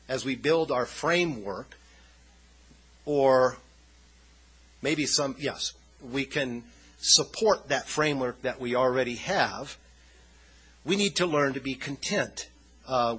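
Male preacher, husky tone with a bright, forceful edge; chatty, rambling sermon delivery. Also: mid-range voice, rough recording. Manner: conversational, loose and rambling. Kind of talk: informal sermon.

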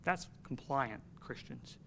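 A man's voice: medium pitch, expressive, takes it slowly, vocal fry, bright, forceful tone, slight background noise. A man preaching a sermon to his congregation in an earnest, emphatic way, telling a personal story.

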